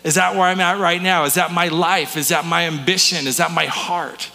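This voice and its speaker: A man's voice: fairly high pitch, fairly even intonation, moderate pace, vocal fry, bright, forceful tone, big-room sound. A man pastor giving a conversational sermon in a church, asking the congregation questions and restarting his words. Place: church sanctuary.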